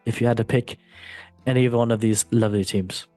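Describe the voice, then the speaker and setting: A man's voice: mid-range voice, steady tone, fairly quick, dark tone, dry recording, faint music behind. A man hosting a casual football podcast, playful and goofy, joking at his own expense. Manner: goofy, playful, self-mocking. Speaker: host.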